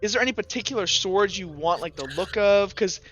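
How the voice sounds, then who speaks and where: A woman's voice: medium pitch, fairly quick, fairly bright tone, soft background music, close to an everyday voice. A man voicing a brash, teasing female shopkeeper in a tabletop game, bossy and proud of her wares. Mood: businesslike.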